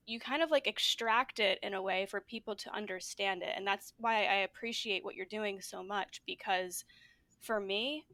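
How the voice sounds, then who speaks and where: A woman's voice: mid-range voice, fairly bright tone, dry recording. A woman hosting a podcast in a loose, chatty way. Her talk wanders, full of fillers and "like"s. The sound is close and dry, with no room around it. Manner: rambling, with many fillers and "like"s. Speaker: podcast host. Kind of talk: casual podcast conversation.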